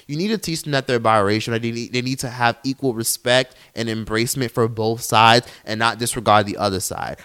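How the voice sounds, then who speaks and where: A man hosting a commentary channel, delivering an angry, profane reaction rant that flares into yelling and mocks the people he quotes. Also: mid-range voice, smooth. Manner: heated, profane, swings into yelling; mocks others in quoted put-on voices.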